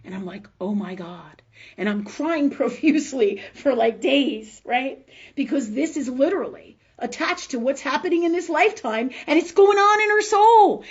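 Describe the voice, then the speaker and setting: A woman's voice: sits high, animated, normal speed, muffled recording. A middle-aged woman hosting a live spiritual health show, telling a story emotionally and emphatically, swearing freely and often asking "right?".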